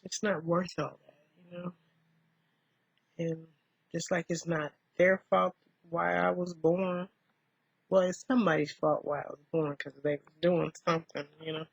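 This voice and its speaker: A woman vlogger talking softly and reflectively in a rambling way while doing her makeup, in a dull lo-fi recording. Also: on the low side, fairly even intonation, unhurried, vocal fry, breathy edge, dry recording. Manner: soft-spoken, rambling, musing.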